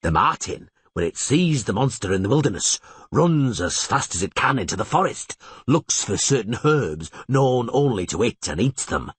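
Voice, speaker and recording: A man's voice: mid-range voice, sing-song, moderate pace, husky, no room sound. A man reading an audiobook and voicing a pockmarked fairground showman who blusters and wheedles at the crowd. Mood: showman patter.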